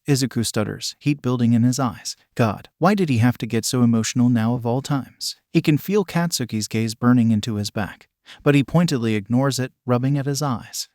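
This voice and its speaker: A man narrating a fan fiction story in a steady, scripted storytelling manner. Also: mid-range voice, fairly quick, no room sound, clean studio sound.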